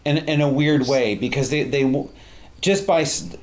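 A man talks through comics on a podcast in a loose, conversational way. His voice sits a little high for a man. He often stumbles and repeats the first words of a thought before finding his point. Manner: halting, repeats words when starting a thought. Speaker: podcast co-host. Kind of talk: casual comic book discussion.

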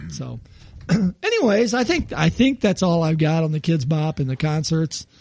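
An older man co-hosting a podcast, chatting casually, laughing often and clearing his throat a lot. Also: on the high side, big pitch swings, unhurried, darkish tone. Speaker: podcast co-host. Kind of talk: casual chat.

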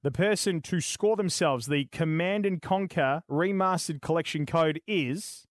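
A man's voice: fairly high pitch, a little slow, no room sound, clean studio sound. Upbeat Australian man hosting a stream. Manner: rambling, swears casually, upbeat. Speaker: host of a gaming show stream. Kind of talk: casual live-stream chat and giveaway hosting.

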